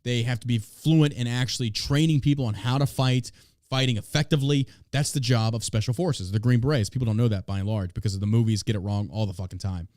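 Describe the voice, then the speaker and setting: A man's voice: medium pitch, quick pace, darkish tone, no echo, studio quality. Blunt, profane man ranting. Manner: blunt and profane, reading news aloud and ranting. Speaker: podcast host. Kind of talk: casual podcast commentary.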